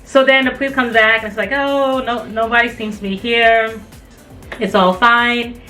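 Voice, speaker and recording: A woman in her twenties telling a personal story in casual chat, animated and full of filler likes, acting out the voices she quotes. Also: fairly high pitch, moderate pace. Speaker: vlogger. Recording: voice a bit far from the mic, faint music behind.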